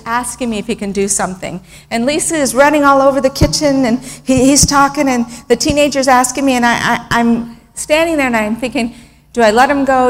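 A middle-aged woman giving a missionary talk with slides, telling stories in an earnest, emotional way with fillers and restarts. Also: on the high side. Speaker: missionary speaker. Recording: long reverb in a hall.

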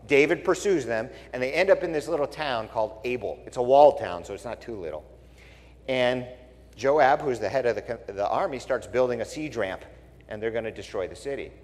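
A male pastor giving a sermon, telling stories bluntly and with wry asides. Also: mid-range voice. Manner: blunt, wry, animated storytelling. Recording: long reverb in a large hall.

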